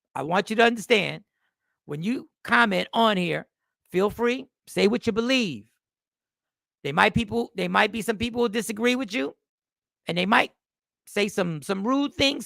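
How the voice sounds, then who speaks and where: A man's voice: sits high, lively intonation, moderate pace, creaky, fairly bright tone, no echo, clean studio sound. A man hosting a casual livestream, talking animatedly to viewers and greeting them by name, repeating himself often. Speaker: livestream host.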